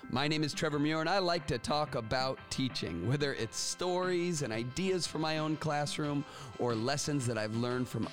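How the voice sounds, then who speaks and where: A man hosting an education podcast, talking in an energetic, chatty way with frequent restarts. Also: medium pitch. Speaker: podcast host. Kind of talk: casual podcast talk.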